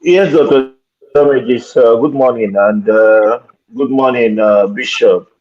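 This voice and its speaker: A man's voice: medium pitch, measured pace, darkish tone. A man calling in to a talk show, hesitant and full of fillers. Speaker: caller. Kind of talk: radio talk show call-in. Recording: dull lo-fi line.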